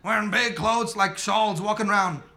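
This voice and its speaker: A man preaching a sermon emphatically, using call and response, swinging between quiet talk and shouting. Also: sits high, normal speed. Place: church with congregation.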